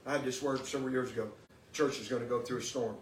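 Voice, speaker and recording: A preacher and podcast host delivers a sermon with call and response, his mid-range voice steady and quick as he builds emphatically toward exclamations. The recording sounds distant and echoey, with faint noise in the room.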